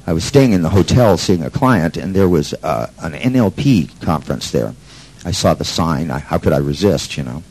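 A man's voice: sits low, lively intonation, normal speed, darkish tone, low-quality recording. A man telling a story to an audience in a brash, sardonic way, swearing freely. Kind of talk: profane storytelling talk.

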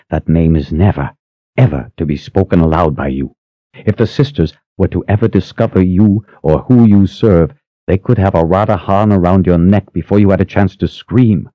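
A man voicing a stern, ruthless older woman who threatens in a cold, low voice. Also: no room sound. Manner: cold, menacing, low hiss. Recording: slightly muffled dry recording.

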